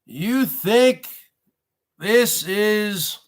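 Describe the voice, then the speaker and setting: High-voiced man ranting slowly to viewers. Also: lively intonation. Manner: repetitive, rhetorical questions to viewers; addresses audience as folks. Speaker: livestream host. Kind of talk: rambling live-stream monologue.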